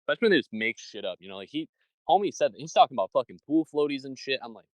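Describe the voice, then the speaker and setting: A man's voice: medium pitch, very animated, rapid-fire, dry recording, rough recording. A young man from Michigan with a Michigan accent, co-hosting a casual podcast chat and telling rambling, profanity-laced stories. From Michigan, USA. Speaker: podcast co-host.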